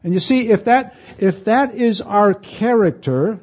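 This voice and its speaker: Pastor, middle-aged man, fairly high and mellow voice, conversational sermon with scripture reading. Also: measured pace, breathy edge. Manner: conversational preaching, reads scripture aloud, rises in pitch for emphasis.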